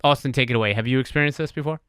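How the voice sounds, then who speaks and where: A man's voice: mid-range voice, very fast, fairly bright tone, clean tone, no echo, studio quality. A man hosting a casual podcast, rambling and joking at his own expense, swearing now and then. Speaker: podcast host. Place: streamed live on Twitch.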